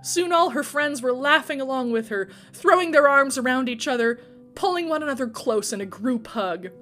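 A woman telling a story with an expressive, dramatic reading. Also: sits high, normal speed, soft background music. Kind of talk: storytelling narration.

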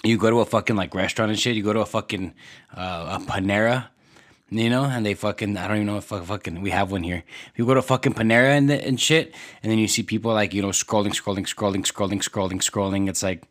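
A man's voice: fairly low pitch, fast. A man ranting casually on a podcast, swearing constantly and rambling with lots of filler words. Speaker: podcast host.

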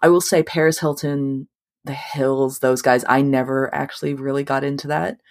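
A woman's voice: a bass voice, steady tone, moderate pace, a little mellow. A woman co-hosting a podcast in casual chat, rambling with many fillers and casual swearing. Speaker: podcast co-host.

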